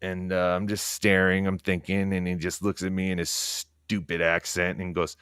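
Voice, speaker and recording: Brief: low-pitched male streamer, profane and rambling, talking quietly at home at night, dry room. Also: monotone, normal speed, hardly any pauses, smooth, no room sound. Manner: talking quietly so as not to wake others. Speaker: livestreamer. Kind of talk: casual livestream monologue.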